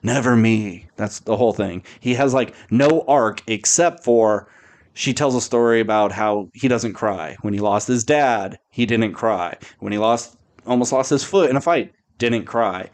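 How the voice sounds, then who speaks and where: A man's voice: mid-range voice, measured pace. A man hosting a podcast, chatting casually and bluntly about movies, rambling with frequent restarts. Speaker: podcast host. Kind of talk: casual movie review chat.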